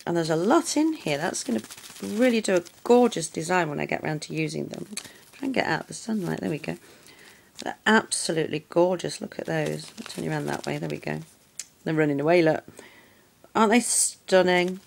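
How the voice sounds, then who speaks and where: A woman's voice: on the low side, expressive, fairly quick, gravelly, slight background noise. Gushing woman showing off nail art. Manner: gushing, effusive. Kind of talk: casual product unboxing.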